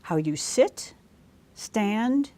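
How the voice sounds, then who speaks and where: A woman narrates a scripted training lesson for healthcare staff. Her delivery is clear and measured, with a voice neither high nor low. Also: expressive, dark tone. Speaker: instructor for healthcare providers.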